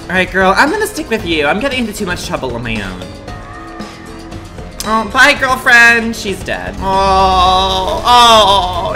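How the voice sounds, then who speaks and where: A young woman streamer narrating her match in a campy, sassy way, her pitch leaping high and low constantly and breaking into shrieks. Game music plays clearly behind her. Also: very animated, moderate pace. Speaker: gaming streamer. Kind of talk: comedic gameplay commentary.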